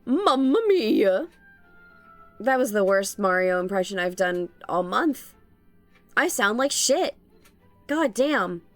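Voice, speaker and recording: Lively young woman chatting on stream. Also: medium pitch, a little slow, soft background music. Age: young adult. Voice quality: vocal fry. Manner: playful, rambling, laughs often. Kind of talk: casual stream chat while drawing.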